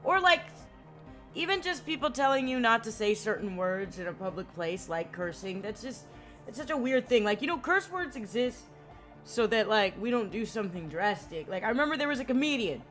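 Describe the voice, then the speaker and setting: A woman's voice: fairly high pitch, very animated, a little fast, a bit bright. A young woman streaming a game, chatting casually and rambling with lots of "like" and cursing. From United States. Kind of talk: casual gaming commentary. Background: faint game music.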